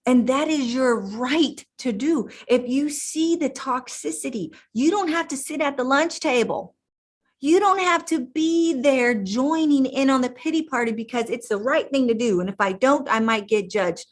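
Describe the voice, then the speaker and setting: A woman's voice: sits high, animated, a little slow. A middle-aged woman coach giving an emphatic motivational talk, repeating words and restarting her sentences. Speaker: life coach.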